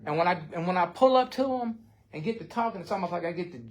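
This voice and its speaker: A man's voice: high-pitched, animated, fast talker. Blunt, profane older man. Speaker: recovery group member. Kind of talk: support circle sharing.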